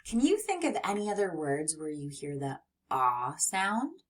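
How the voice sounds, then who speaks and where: A woman teaching a children's phonics lesson, gentle and encouraging, who sounds out and stretches letter sounds. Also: low voice, very animated, measured pace, distant mic.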